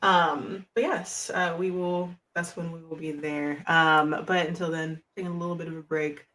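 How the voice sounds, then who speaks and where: A woman's voice: low-pitched, fairly even intonation, moderate pace, a bit bright. A woman hosting an actual-play show, giving a rambling, emotional, casual sign-off and swearing freely. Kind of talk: casual end-of-stream sign-off.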